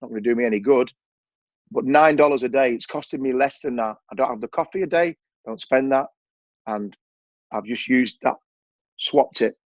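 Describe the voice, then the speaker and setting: A man's voice: mid-range voice, normal speed, darkish tone, no echo, lo-fi sound. A man with an English accent, a coaching client chatting casually and repeating phrases for emphasis. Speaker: coaching client giving a testimonial. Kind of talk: casual chat.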